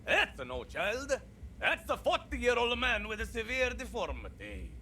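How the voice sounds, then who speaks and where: A man's voice: wildly swooping pitch, measured pace, bright, forceful tone, slight background noise, heavily acted. A man voicing a paranoid, unhinged middle-aged male doctor in a video game, with an erratic put-on accent and a sneering manner. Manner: sneering, swinging between high shrill and deep growl.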